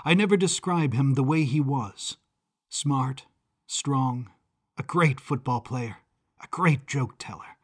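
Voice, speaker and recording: A man's voice: medium pitch, slow. A man narrating an audio drama in the first person, brooding and confessional.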